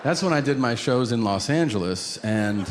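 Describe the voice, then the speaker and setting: Animated male stand-up comic on a live stage. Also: medium pitch, normal speed. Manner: animated storytelling, acting out voices with shouted punchlines. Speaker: stand-up comedian. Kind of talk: stand-up routine. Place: comedy stage before a live audience. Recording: live show with roomy reverb and crowd noise.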